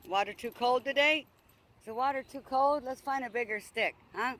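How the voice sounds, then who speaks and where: A man's voice: very high voice, normal speed, sharp tone, a little hiss or hum. A man walking his dog outdoors by a lake, coaxing and teasing it in playful baby talk as he films on a handheld phone. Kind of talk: casual chat to a dog.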